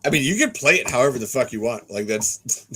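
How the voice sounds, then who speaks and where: A man's voice: medium pitch, expressive, brisk, pushed and bright, slightly rough. A man hosting a podcast, rambling and swearing freely as he sets up and narrates a script read-through.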